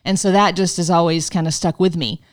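Lower-voiced woman telling a faith story. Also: fairly quick. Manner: animated storyteller, mimics a friend's broken English. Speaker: guest missionary. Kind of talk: casual conversation.

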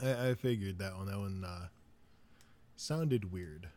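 A man's voice: deep voice, measured pace, a little mellow. A man recording an amateur audio drama, joking and laughing at his own mistakes between takes. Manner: self-mocking, laughing at his own flubs. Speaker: voice actor in a fan audio drama. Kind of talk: casual blooper chat between takes.

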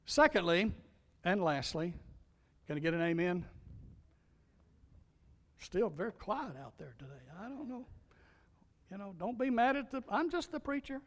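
A middle-aged man preaching a sermon as a pastor and chaplain, emphatic, asking the congregation questions, swinging between loud exhortation and soft hushed lines. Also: high-pitched, big pitch swings, normal speed, pauses often. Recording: long reverb of a large hall.

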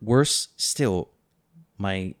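A man's voice: lowish voice, animated, very slow. A man co-hosting a book-review podcast, reading a plot summary with playful, teasing, mock-dramatic asides. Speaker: podcast co-host.

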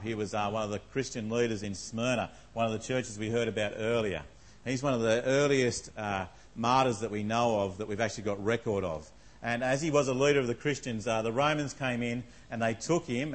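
A man's voice: medium pitch, low-quality recording. Conversational man preaching. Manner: conversational, asks the congregation questions, many fillers. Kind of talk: sermon.

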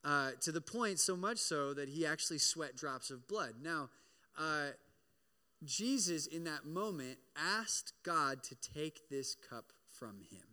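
A man preaching a sermon as pastor, in an animated, conversational way, often checking in with "right?" and acting out the prayers he quotes. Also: fairly high pitch, slow pace. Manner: acts out prayers and voices in quoted lines. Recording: long hall reverb.

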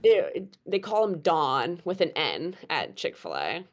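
Chatty young woman, lowish voice. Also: measured pace. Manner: animated, laughing, chatty with many fillers. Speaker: guest storyteller. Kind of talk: casual storytelling chat.

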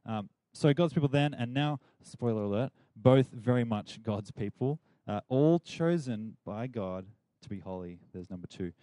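A man's voice: medium pitch, lively intonation, normal speed, few pauses, dark tone, no room sound. A young man giving a chatty, playful Bible talk to a youth group and leading them in call-and-response.

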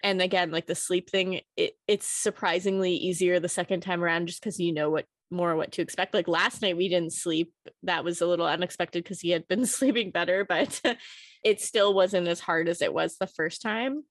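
A woman's voice: on the low side, fairly even intonation, moderate pace, no room sound. A young woman, a new mother, chatting casually, laughing often and using many fillers. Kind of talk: casual chat.

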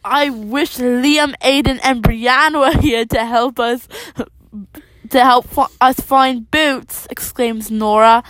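A woman reading a children's storybook aloud, slowly and carefully, with small restarts. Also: a little high, steady tone, fairly bright tone, no room sound, low-quality recording. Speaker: reader.

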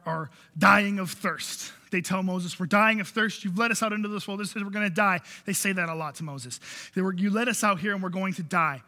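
A man's voice: sits high, pushed and bright, big-room sound. A man preaching a sermon, telling the story and repeating key phrases for emphasis. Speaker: pastor.

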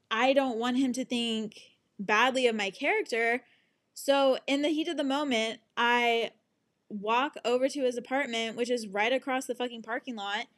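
A young woman recounts a story at an unhurried pace, her voice sitting a little high. She sounds exasperated and swears freely, slipping into the voices of the people she quotes. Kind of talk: casual storytime monologue.

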